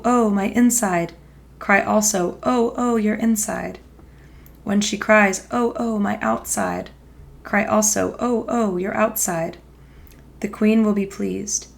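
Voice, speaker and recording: A woman voicing a troubled father god giving grave, measured instructions. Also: medium pitch, gravelly, natural voice.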